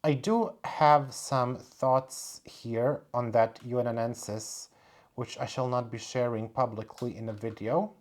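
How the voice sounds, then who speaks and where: A plant vlogger talks casually at home, wandering from thought to thought while showing plants one by one. The voice sits at a middle pitch, neither high nor low. The tone stays chatty and unpolished. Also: fairly even intonation, slow pace. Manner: chatty, meandering, thinking aloud. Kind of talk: casual show-and-tell vlog.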